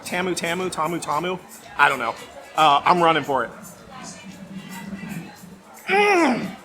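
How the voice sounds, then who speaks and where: A middle-aged man with a fairly high voice, rambling happily through a casual vlog. Music plays clearly in the background. He raves about food and chats loosely. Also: pushed and bright. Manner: enthusiastic, rambling food reviewer. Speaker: theme park vlogger.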